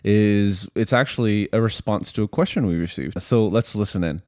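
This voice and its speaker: A man from Canada with a Canadian accent, hosting a podcast in relaxed, upbeat chat. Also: fairly low pitch, normal speed, dry recording, clean studio sound. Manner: relaxed and upbeat, laughs along. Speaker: podcast host. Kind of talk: casual chat.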